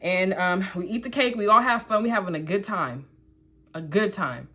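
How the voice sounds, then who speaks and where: A woman's voice: mid-range voice, normal speed, slightly rough. Young woman, vlogger, casual storytime, doing makeup, chatty, talks to viewers, lots of "like" fillers. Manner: chatty, animated storytelling that addresses the viewers directly; frequent "like" fillers and asides.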